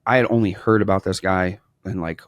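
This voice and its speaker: A man in his thirties from Wisconsin, a business owner talking as a podcast guest, telling animated stories and acting out the dialogue. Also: deep voice, a little fast, no room sound, studio quality. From Wisconsin, USA. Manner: animated storyteller, acts out quoted dialogue. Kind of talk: casual interview storytelling.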